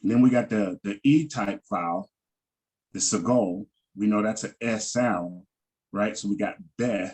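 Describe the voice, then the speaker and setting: A man teaching a Hebrew vowel lesson over a video call, halting and repeating words and often checking in with "right?". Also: lowish voice, a little mellow, poor audio.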